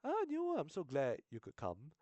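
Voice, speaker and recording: A man doing a fussy high-voiced lady counselor. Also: huge pitch swings, normal speed, dark tone, dry recording, lo-fi sound. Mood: gushing.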